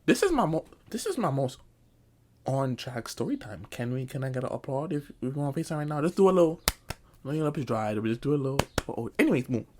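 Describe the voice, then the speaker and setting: A man's voice: mid-range voice, sing-song, fast talker, a little mellow, slight background noise. A man telling a comic storytime, talking loosely in slang and saying bro a lot. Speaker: vlogger. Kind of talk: comedic storytime.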